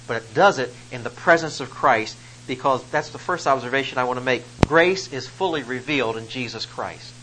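A man's voice: mid-range voice, a bit bright, a little hiss or hum, low-quality recording. Man preaching with rising emphasis. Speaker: pastor. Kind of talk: sermon.

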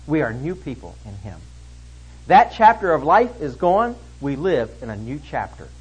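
A man preaching an expository sermon, emphatic, swinging between loud stresses and hushed lines. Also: on the high side, sing-song, normal speed, slightly rough, lo-fi sound.

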